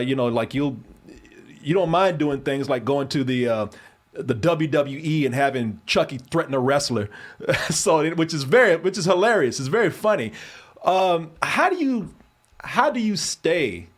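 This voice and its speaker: A man hosting a casual interview, chatty and laughing often, with long rambling questions. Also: mid-range voice. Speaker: interview host.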